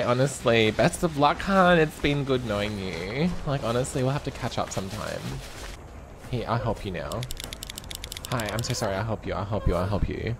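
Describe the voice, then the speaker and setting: A man's voice: mid-range voice, fairly quick, background noise. A young man playing a video game and commenting as he goes, camp and sassy, swearing freely and breaking into shrieks and laughter. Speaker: gaming streamer. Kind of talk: live gameplay commentary.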